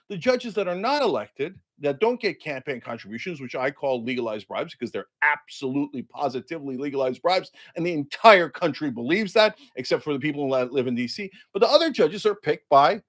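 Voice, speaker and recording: A man giving heated political commentary as a show host, sarcastic and indignant, mocking the people he quotes and hitting key words loud and high.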